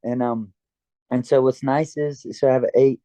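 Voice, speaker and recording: A man's voice: medium pitch, steady tone, normal speed, mellow, no echo. A man as a guest in a casual interview chat, talking in an earnest, reflective way. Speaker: guest, karate fighter and dojo owner. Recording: dull lo-fi dry sound.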